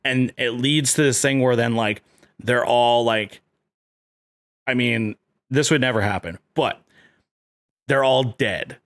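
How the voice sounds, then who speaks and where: A man talking casually and excitedly, piling up filler words as ideas tumble out. His voice is mid-pitched. It is recorded dry and close. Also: takes it slowly, pauses often, no echo. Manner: rambling, lots of "like" fillers, excitable. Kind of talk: casual chat.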